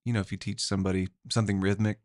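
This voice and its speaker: A middle-aged man from Oklahoma with an Oklahoma accent, hosting a podcast in a relaxed, meandering chat with easy chuckles. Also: on the low side, very fast, no room sound, clean studio sound. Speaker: podcast host. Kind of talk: casual chat.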